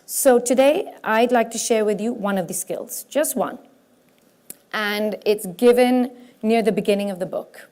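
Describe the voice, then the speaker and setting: Animated woman speaking to a crowd. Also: medium pitch. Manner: animated, self-mocking, breaks into quick voices for examples. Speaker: speaker at a spiritual conference. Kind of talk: lively talk to a live audience. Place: stage before a large audience.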